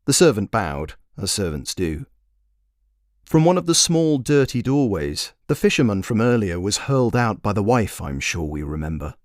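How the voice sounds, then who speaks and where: A man's voice: lowish voice, big pitch swings, moderate pace, dry recording, studio quality. A man narrating a fairy tale he wrote, in a wry, playful storytelling manner. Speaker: storyteller and author.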